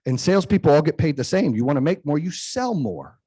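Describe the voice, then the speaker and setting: A man in his forties hosts a podcast with a slightly husky, breathy voice pitched a touch high for a man. He tells stories emphatically in a motivational monologue and slips into the voices of the people he quotes. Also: very animated, fairly quick, warm tone. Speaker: podcast host.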